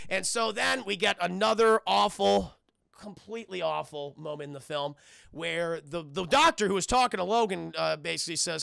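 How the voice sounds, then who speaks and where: A man running a live-streamed film review, profane and excitable, who keeps laughing and turning to his chat. His voice is high for a man, bright and heavily gravelly. The sound is dry and close. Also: a little fast, dry recording.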